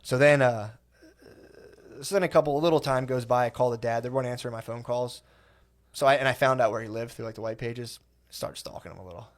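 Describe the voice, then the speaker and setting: A young man telling a profane, animated comedy story on a podcast, acting out the quoted lines. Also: medium pitch, quick pace. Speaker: podcast guest.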